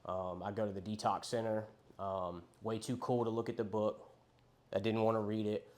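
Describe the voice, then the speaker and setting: A man's voice: fairly low pitch, level tone, normal speed, a little mellow. A young man telling his recovery story in a frank, rambling, profane way, quoting the people he met. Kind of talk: candid recovery testimony.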